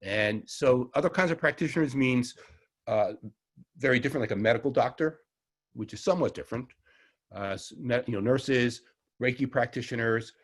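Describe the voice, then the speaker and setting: A man's voice: mid-range voice, normal speed. A middle-aged man with a Long Island New York accent, teaching an online herbalism class in a chatty, rambling way that often corrects itself. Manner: rambling, chatty, self-correcting with small laughs. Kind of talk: casual online class lecture.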